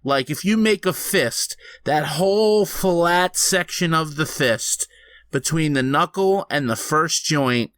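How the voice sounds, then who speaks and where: A man's voice: fairly high pitch, takes it slowly, no echo. A man co-hosting a podcast, telling a story casually with lots of swearing. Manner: profane, animated storytelling. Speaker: podcast co-host.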